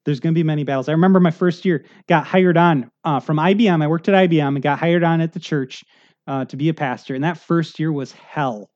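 Middle-aged guy pastor giving a sermon, kinda high voice, chatty and earnest, dull lo-fi sound. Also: a little fast, darkish tone. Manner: earnest, conversational preaching with frequent "okay?" check-ins.

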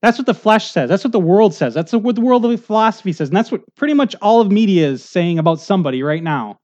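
A man preaching a conversational sermon, rambling and animated, full of asides and restarts. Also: high-pitched, fast. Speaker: pastor. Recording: muffled lo-fi recording.

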